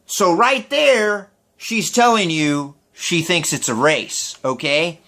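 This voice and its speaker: A man's voice: high-pitched, takes it slowly, hardly any pauses, bright, forceful tone. A man ranting sarcastically to camera, profane and exasperated as he talks through street interviews. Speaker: vlogger. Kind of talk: ranting commentary.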